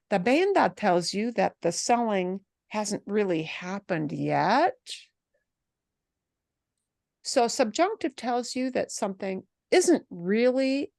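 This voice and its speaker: A woman's voice: a little high, no echo. Patient woman teaching in a dry room. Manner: patient, repeats and rephrases, mixes in Spanish phrases. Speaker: Spanish teacher. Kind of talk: classroom explanation.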